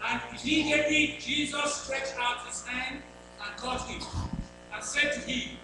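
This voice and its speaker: A man reading scripture aloud in church, slow and steady. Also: very high voice. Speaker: scripture reader. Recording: echoey hall with mains hum.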